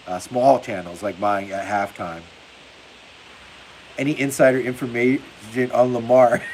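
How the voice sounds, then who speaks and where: A man's voice: medium pitch, a little mellow, low-quality recording. A man hosting a football livestream in casual chat, reading viewer comments aloud and laughing often. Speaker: livestream host. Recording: faint hiss behind the voice.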